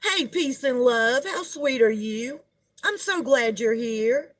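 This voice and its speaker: A middle-aged woman hosts a live stream, chatting and gossiping while she greets viewers by name. Her voice sits a little high, and she talks at an unhurried pace. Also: animated. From United States. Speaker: livestream host.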